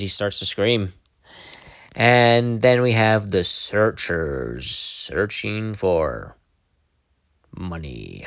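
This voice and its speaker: A man's voice: fairly low pitch, no echo, studio quality. A young man giving casual, jokey fan commentary, rambling and interrupting himself as he goes. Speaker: video creator.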